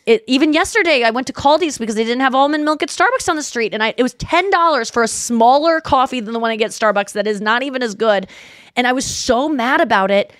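Animated, high-pitched woman chatting on a podcast. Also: fast talker, no echo, clean studio sound. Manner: rambling, animated storytelling with restarts. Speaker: podcast co-host. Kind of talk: casual chat.

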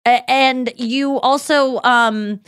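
A woman's voice: high-pitched, steady tone, takes it slowly, fairly bright tone, clear, resonant tone, no echo, studio quality. A woman hosting a podcast in casual chat, rambling with lots of "like" and acting out her own thoughts. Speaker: podcast host.

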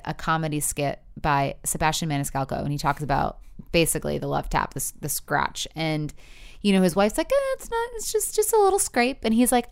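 Chatty woman co-host with a smooth low voice. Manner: chatty, lots of fillers, animated storytelling. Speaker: podcast co-host. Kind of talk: casual chat.

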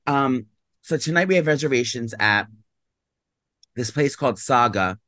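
A man's voice: mid-range voice, expressive, moderate pace, sharp tone, dry recording. Sleepy rambling man on a casual podcast. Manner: rambling, full of "like" and "um", sleepy and yawning. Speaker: podcast co-host. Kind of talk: casual chat.

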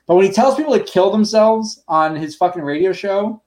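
A man's voice: high voice, expressive, brisk, a little mellow. A man on a podcast ranting bluntly, swearing often in casual chat.

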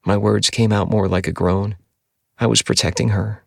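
A man narrating a first-person audiobook in a steady, measured storytelling voice. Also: on the low side, gravelly, no echo, clean studio sound.

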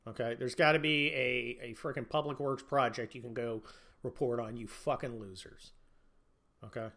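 A man's voice: medium pitch, normal speed, fairly bright tone. Profane, sneering male political ranter. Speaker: podcast host. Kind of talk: ranting political commentary.

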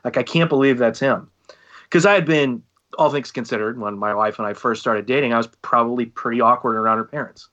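A man's voice: medium pitch, brisk, dull audio. A man in his thirties co-hosting a casual podcast, telling stories and acting out other people's lines. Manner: animated storyteller acting out quotes. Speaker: podcast co-host and band singer.

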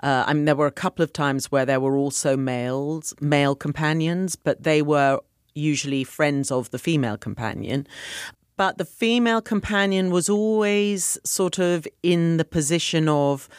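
A woman's voice: deep voice, moderate pace, clear, resonant tone, no echo, clean studio sound. An actress being interviewed, chatty and given to laughing as she talks. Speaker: actress guest. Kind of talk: interview answers.

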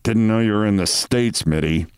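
Man as a grumbling senior specialist, gruff, low, dry recording. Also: normal speed, no echo, close to an everyday voice.

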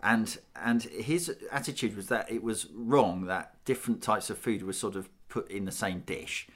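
A middle-aged British man from Britain, a panel guest, thinks aloud thoughtfully during a panel discussion, restarting often. His voice is on the low side at normal speed.

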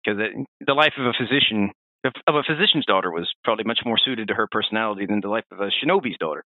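A man hosting a podcast, telling game lore in a rambling, animated way with frequent restarts. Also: lowish voice, very fast, no echo. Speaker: podcast host. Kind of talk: casual lore discussion. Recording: dry, phone-like narrow sound.

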